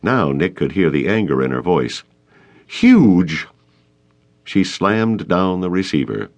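A male narrator reading a short story aloud, his low voice rising and falling freely. His delivery is expressive and steady. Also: moderate pace. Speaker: audiobook narrator. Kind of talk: scripted narration.

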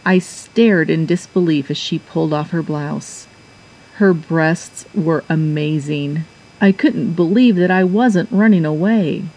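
Female audiobook narrator, mellow and slightly husky, unhurried intimate first-person read. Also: sits low, low-quality recording.

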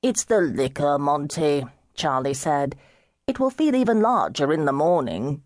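A woman voicing a drunken young gentleman of about twenty-five, who rambles and fumbles for words. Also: low-pitched, big pitch swings, unhurried, no echo, studio quality. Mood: befuddled. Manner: slurred, fumbling for words, merrily befuddled.

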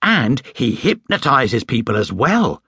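A man's voice: mid-range voice, very animated, measured pace, pushed and bright, breathy edge, no echo, clean studio sound, full character voice. A man voicing an eager young boy in a children's audiobook.

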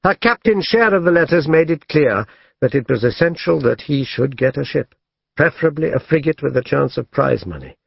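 A man reading an audiobook as narrator in a measured, even storytelling manner. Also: on the high side, creaky, breathy edge, no echo. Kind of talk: scripted narration. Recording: dull lo-fi dry studio audio.

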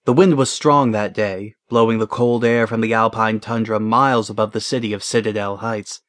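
A man narrating a fantasy audiobook in an even, measured way, close to a studio mic. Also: fairly low pitch, no echo.

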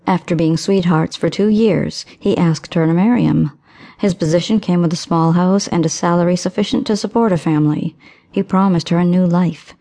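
A woman narrating an audiobook in a measured, steady way. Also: lowish voice.

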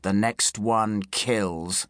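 Brief: male narrator doing a hidden bowman, measured menace, dry close sound. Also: on the low side, steady tone, a bit bright, no echo. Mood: menacing calm. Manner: slow, deliberate warning.

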